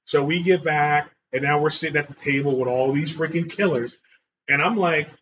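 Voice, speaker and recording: A man's voice: on the high side, normal speed. A man telling a bar story casually, acting out voices and swearing freely. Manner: animated, acts out voices in quotes, swears freely. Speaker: podcast co-host telling a story. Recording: dull lo-fi sound with clear background noise.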